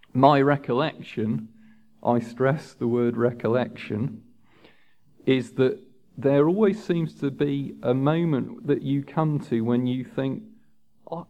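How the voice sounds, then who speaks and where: A man preaching a sermon in a measured, earnest way, lifting his voice for emphasis. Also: medium pitch. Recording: dull lo-fi sound.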